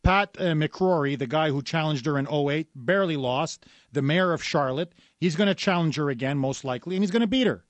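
Combative high-voiced radio host. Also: male voice, brisk, no echo. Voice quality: emphatic, combative, repetitive. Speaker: radio talk show guest host. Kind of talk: opinionated talk radio monologue. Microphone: studio microphone.

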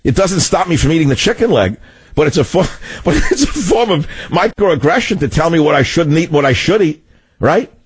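A man with a New York accent hosting a talk radio show, talking loudly and combatively in a rambling monologue into a studio mic. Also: a little high, lively intonation, brisk, breathy edge, dry recording.

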